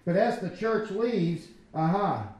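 High-voiced pastor in an echoey church. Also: male voice, slow pace. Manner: animated, conversational preaching with acted-out quotes. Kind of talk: sermon.

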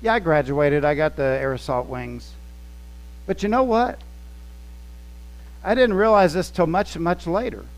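A male pastor with a fairly high-pitched voice delivers a sermon as relaxed, conversational storytelling. He acts out the scenes he describes as he talks. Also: measured pace, pauses often, poor audio. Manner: conversational, anecdotal, acting out scenes.

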